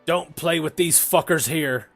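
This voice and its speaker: A man voicing a hot-tempered male dwarf adventurer who shouts and threatens when he loses. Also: fairly high pitch, unhurried, faint music behind. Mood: angry. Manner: loud, threatening, growling outbursts.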